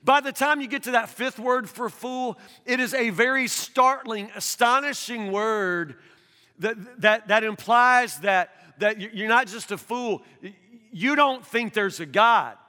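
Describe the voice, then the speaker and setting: Man, pastor, earnest sermon, very high voice, bright tone, long echo of a church hall. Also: a little slow. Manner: earnest, repeats words when pressing a point, rises to near shouting.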